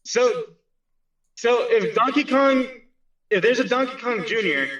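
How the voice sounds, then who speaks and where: A man's voice: extremely high pitch, animated, unhurried, fairly bright tone, far from the mic. A man calling in remotely to a podcast, rambling in casual chat and swearing freely. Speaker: podcast co-host. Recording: muffled, echoey remote call audio.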